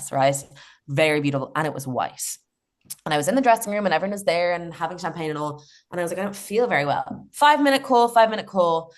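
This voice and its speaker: A young woman, a comedian guest on a podcast, telling stories in a chatty way, laughing often and swearing casually. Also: sits low. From Ireland.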